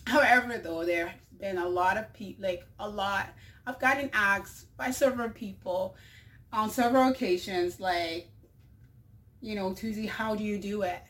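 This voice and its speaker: A woman talking casually into her mic as host of her own show. She rambles, leans on fillers, and laughs often. Her voice sits at a middle pitch. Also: unhurried, fairly bright tone. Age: adult mother. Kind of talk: casual monologue.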